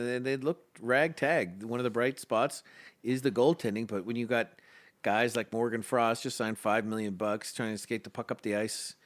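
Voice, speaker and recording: Rambling opinionated hockey podcast man. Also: fairly low pitch. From Canadian prairies. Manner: rambling, opinionated fan talk. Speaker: podcast co-host. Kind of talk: casual hockey chat.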